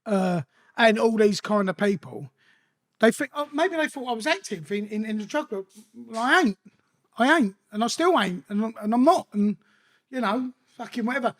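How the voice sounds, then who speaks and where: A middle-aged London man talking in a high, light voice. He rambles through streetwise stories in a casual interview, swearing freely and doubling back on himself. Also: animated, normal speed, a bit bright. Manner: rambling, profane, streetwise anecdotes.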